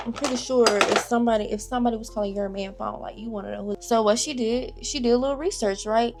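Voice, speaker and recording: A woman's voice: fairly high pitch, fairly even intonation, fast talker, heavy background noise. A woman, chatting casually to viewers as she retells a story. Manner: chatty, addresses viewers as y'all and girl. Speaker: storytime creator.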